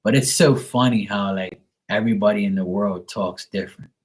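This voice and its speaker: A man with a slightly low voice talks loosely on a live stream, full of swearing and easy laughter. He rambles freely, like a casual chat with viewers. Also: brisk. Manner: loose, profane and laughing, imitates accents. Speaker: live tarot reader and streamer.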